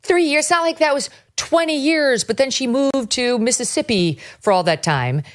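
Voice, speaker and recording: A woman's voice: high voice, lively intonation, moderate pace. A woman hosting a political talk show, delivering commentary in a sarcastic, mocking tone. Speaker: host.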